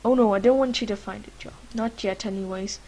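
Playing a life-sim game, a young gaming vlogger from Lithuania rambles through casual let's-play commentary full of fillers, chatting to her characters. Her mid-range voice is brisk, fairly even in intonation, a little mellow, and husky, captured in poor audio.

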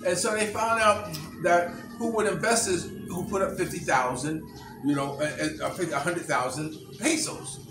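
A man casually retelling a movie plot for his channel, in halting speech full of "you know" and restarts. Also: on the high side, music in the background. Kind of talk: casual storytelling. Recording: roomy distant recording, birds chirping.

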